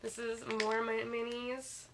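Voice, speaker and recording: A woman's voice: a little high, flat delivery, unhurried, very noisy. A woman livestreaming from her bed while sick, chatting casually and reading viewer comments aloud. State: sick, slightly congested. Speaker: livestream host. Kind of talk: casual live stream chat. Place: in bed at home. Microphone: phone.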